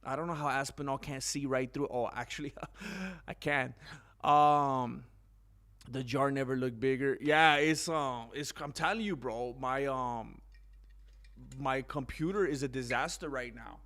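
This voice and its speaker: A man's voice: medium pitch, measured pace, a bit bright. Rambling slangy man talking fight news. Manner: rambling, slangy, says "bro" a lot. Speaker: channel host. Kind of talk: casual news commentary vlog.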